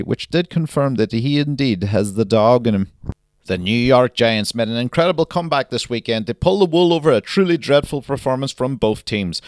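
Man playing a brash newsreader, loud punchy headline delivery, raised voice, dry close sound. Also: medium pitch, no room sound, voice pushed up, lightly acted.

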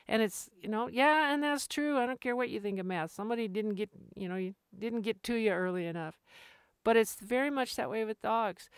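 A woman's voice: medium pitch, clean tone, no room sound, clean studio sound. A middle-aged woman who trains dogs, hosting a casual podcast monologue, chatty and laughing often as she restarts her sentences. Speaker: dog trainer and podcast host.

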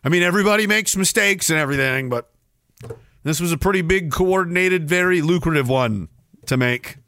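Bright, sarcastic ranting man. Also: fairly high pitch, fairly quick, dry recording, studio quality. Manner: sarcastic, ranting, bursts into shouting. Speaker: podcast host. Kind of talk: ranting commentary.

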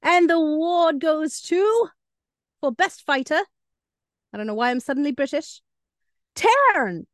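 A woman's voice: high voice, normal speed, long pauses, dry recording, studio quality. A woman co-hosting a book podcast in casual chat, playfully announcing awards. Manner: playful, lively, announcer-style award presenting. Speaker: podcast co-host.

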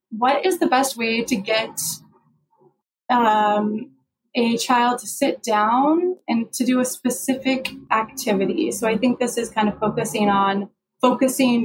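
Upbeat higher-voiced woman moderator. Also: low-quality recording. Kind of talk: panel discussion.

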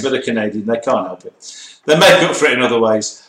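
A man co-hosting a motorsport show, talking in animated, opinionated banter. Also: medium pitch, a little fast, roomy sound, rough recording. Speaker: co-host. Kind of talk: casual banter.

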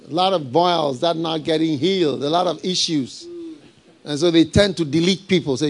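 A middle-aged man preaching a live sermon, animated and laughing, firing rhetorical questions at his congregation. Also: on the high side, normal speed, gravelly. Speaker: pastor.

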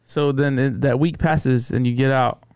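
A man's voice: mid-range voice, fairly even intonation, normal speed, a little mellow, clean tone, no echo, clean studio sound. A man hosting a podcast, prompting his guest with short casual questions. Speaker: podcast host. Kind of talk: casual interview.

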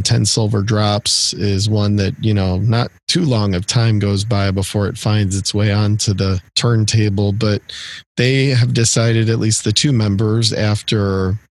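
Man, middle-aged, casual podcast chat, husky voice, rambling with fillers. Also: on the low side, no room sound. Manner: rambling, many fillers and restarts. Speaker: podcast co-host.

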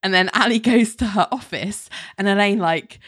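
A woman co-hosting a casual podcast, retelling a TV episode scene by scene as an animated storyteller who laughs often. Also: mid-range voice, moderate pace. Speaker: podcast co-host. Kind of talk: casual chat, episode recap.

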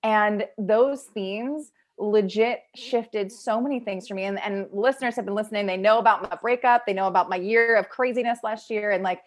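Woman host, casual podcast chat, heartfelt and emotive, mid-pitched voice. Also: moderate pace, few pauses.

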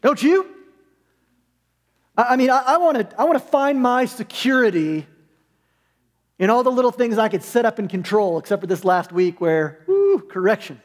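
A man's voice: extremely high pitch, expressive, normal speed, pauses often. A man preaching as a pastor in a sermon, conversational with humorous asides, in a church sanctuary. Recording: long hall reverb.

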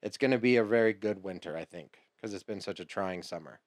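A man co-hosting a podcast in casual chat, rambling and joking, quick to laugh and swearing freely. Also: on the low side, no room sound, studio quality. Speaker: podcast co-host.

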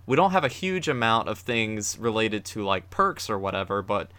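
A man's voice: lowish voice, normal speed, pushed and bright, dry recording. A man co-hosting a podcast about anime, chatting casually and upbeat as he plugs the show. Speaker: podcast co-host.

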